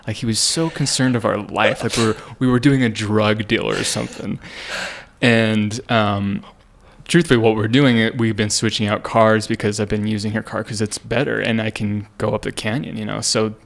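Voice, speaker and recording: Young man, podcast co-host, casual chat, earnest, rambling, slightly low voice. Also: steady tone, normal speed, gravelly. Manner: rambling, earnest, full of fillers and restarts.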